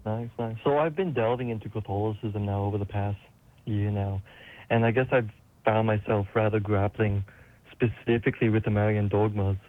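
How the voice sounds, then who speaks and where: A man's voice: fairly low pitch, fairly even intonation, moderate pace. A man from Carlisle in Northern England, with a Northern English accent, calling in and asking a thoughtful, hesitant question. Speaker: caller. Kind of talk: phone-in question. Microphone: phone. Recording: tinny phone line.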